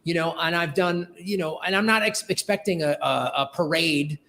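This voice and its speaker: A man's voice: on the high side, normal speed, sharp tone. A man who is a comedian hosting a casual live-stream chat, earnest and rambling, often cutting himself off mid-sentence. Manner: earnest, rambling, self-interrupting. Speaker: comedian and show host.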